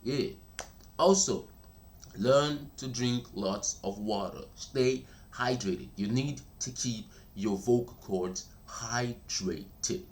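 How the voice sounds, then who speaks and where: A man giving a casual spoken tutorial, chatty and repetitive, calling listeners "bro" and checking in with "all right?". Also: medium pitch. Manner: slows down and speaks steadily when demonstrating. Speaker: voice coach vlogger.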